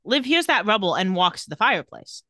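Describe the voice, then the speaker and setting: Podcast host, woman, bright and forward voice, dry close recording, casual recap delivery. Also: mid-range voice, big pitch swings, fairly quick, no room sound. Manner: narrates scenes, quoting characters.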